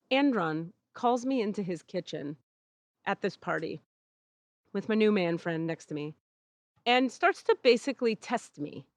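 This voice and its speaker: A woman's voice: medium pitch, animated, a little slow, pauses often, no room sound. A woman hosting a podcast, telling a story in casual chat, acting out the people she quotes and swearing freely, recorded outdoors in a back yard. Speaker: podcast host.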